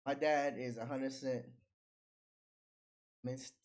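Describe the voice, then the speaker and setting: A man's voice: medium pitch, steady tone, takes it slowly, a little mellow. A man hosting a casual livestream, talking in slang, reading chat aloud and laughing often.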